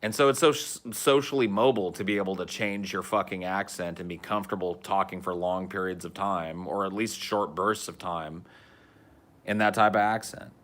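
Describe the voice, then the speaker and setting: In a casual podcast chat, a thirty-something host with a Californian accent talks in a mellow stoner drawl and swears liberally. The voice is deep and fairly bright, held to a steady tone at normal speed.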